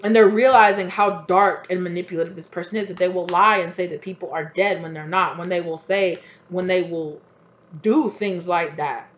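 A woman doing a casual tarot reading, rambling and animated, swearing freely and acting out what people say. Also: fairly low pitch, moderate pace. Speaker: tarot reader.

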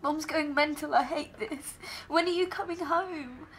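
Worried teen daughter, high voice. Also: female voice, a little slow, a bit bright, a little hiss or hum. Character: anxious teenage daughter.

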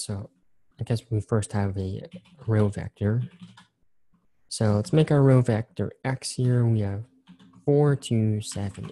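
A man with a low, very dark and mellow voice teaches an engineering class. He talks casually and repeats his key point, counting through examples one step at a time. Keyboard clicks tap along behind him as he types. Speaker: engineering instructor. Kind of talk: recorded screen-share lecture.

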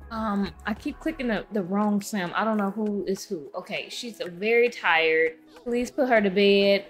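A woman hosting a casual let's-play, chatting to her game characters and viewers, her throat rough from allergies. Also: a little high. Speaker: gaming channel host.

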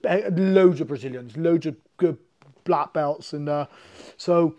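Guy, bit high voice, rattling off gym stories and swearing. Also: measured pace, highs cut off. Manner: animated, swearing, acts out quoted exchanges. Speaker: guest, MMA fighter. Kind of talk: casual storytelling.

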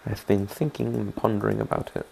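The man's voice is fairly low and mellow with vocal fry, and he moves along briskly; a little hiss or hum sits under the audio. He runs a gaming channel and narrates his own playthrough as let's play commentary, chatty and rambling, often seeking viewers' thoughts.

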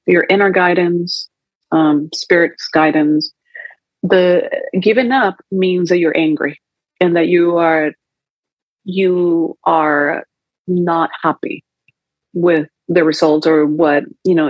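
A woman's voice: fairly low pitch, no echo, highs cut off. A woman holistic coach talking through feelings as a podcast guest, reflective and acting out inner dialogue. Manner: reflective, acts out inner dialogue in quoted voices. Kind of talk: conversational coaching talk.

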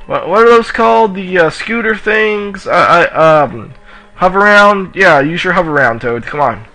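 A man giving casual let's play commentary while racing, excitable and yelling at the racers in the game, with a sore throat. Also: fairly high pitch, slow pace, soft background music, poor audio. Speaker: gamer playing on his channel.

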